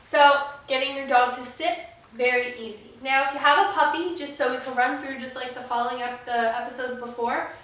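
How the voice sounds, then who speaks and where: A dog trainer hosting her channel leads a casual training tutorial, patiently giving her puppy short commands. Her high voice is brisk and fairly bright, with fairly even intonation. The room is echoey, the mic sits far off, and faint dog noise can be heard.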